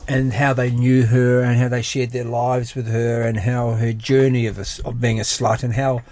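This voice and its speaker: A man's voice: medium pitch, little pitch movement, moderate pace, darkish tone, no room sound. A man in casual chat, rambling with restarts as he describes a play. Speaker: regular on a live talk stream.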